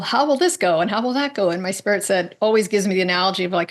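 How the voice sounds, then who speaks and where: Woman guest telling lively stories. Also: medium pitch. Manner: animated storyteller, acts out quoted voices; frequent "right?" tag questions. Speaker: guest, medical intuitive. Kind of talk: conversational interview.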